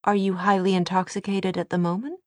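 A woman's voice: mid-range voice, little pitch movement, fairly quick, no echo, studio quality, voice pushed up, natural voice. A woman voicing a startled, earnest young American woman who asks blunt, flustered questions.

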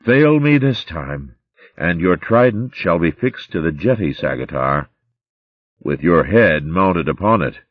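A man's voice: medium pitch, sing-song, moderate pace, breathy edge, no room sound, muffled recording, pitched above the performer's own voice. A man voicing a scheming male pine marten warlord who speaks with cold menace, in a storybook reading. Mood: menacing. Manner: menacing, commanding.

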